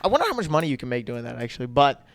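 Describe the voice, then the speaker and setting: A man's voice: medium pitch, huge pitch swings, racing, dry recording. A man co-hosting a comedy podcast in casual chat, rambling with lots of fillers and repeated yeahs.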